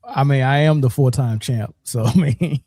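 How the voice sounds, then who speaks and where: A man's voice: medium pitch, moderate pace, warm tone, no room sound, studio quality. A man hosting a sports podcast in casual chat, joking and sometimes stumbling over his words. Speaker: podcast host.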